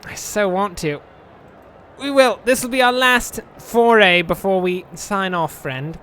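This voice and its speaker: High-voiced guy reading a game out loud, goofy rambling asides. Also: unhurried, slight background noise. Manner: playful, rambling, jokey asides. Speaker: game streamer. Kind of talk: reading a text game aloud with commentary.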